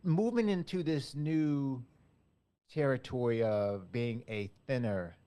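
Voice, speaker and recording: A man interviewing a guest in a casual conversation, speaking haltingly with many restarts and fillers. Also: mid-range voice, dark tone, clean tone.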